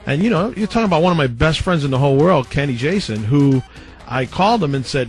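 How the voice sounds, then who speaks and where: A man's voice: fairly high pitch, fast, faint music behind. A man, a former radio DJ, telling stories in a casual interview and acting out what other people said. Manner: animated, acts out other people's quoted lines. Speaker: former radio mix-show DJ, guest.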